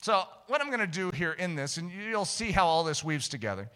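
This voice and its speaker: Man preaching with wild pitch swings. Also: sing-song, a little fast. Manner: storytelling, swinging between hushed asides and shouted climaxes. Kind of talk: sermon. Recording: long hall reverb.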